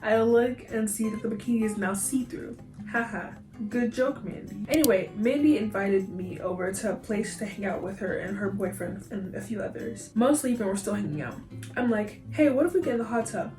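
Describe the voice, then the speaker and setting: A woman's voice: mid-range voice, normal speed. A young woman reading online posts aloud and reacting with slang and frequent laughter. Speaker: YouTuber. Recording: roomy echo, faint music.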